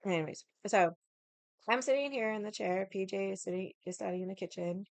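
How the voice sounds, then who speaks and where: A woman's voice: medium pitch, fairly quick, dry recording. A young woman casually telling a rambling story at home while drinking, swearing freely and wandering off on tangents. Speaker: vlogger.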